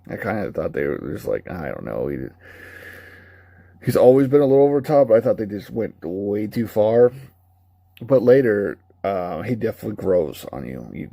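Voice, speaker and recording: A man's voice: lowish voice, gravelly, mellow, no echo. A man giving a casual, rambling, candid spoken review of a video game. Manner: rambling, candid, laughs at his own retellings.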